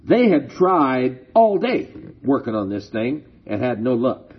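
A man's voice: mid-range voice, very animated, a little slow, husky, dull audio. A man preaching a sermon and reading scripture aloud, with big swings in emphasis.

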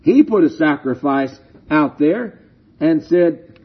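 A man preaching and reading scripture at an unhurried pace, his pitch rising and falling widely. His voice is slightly husky, and the recording sounds dull and lo-fi. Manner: animated, reading aloud with big swings in emphasis.

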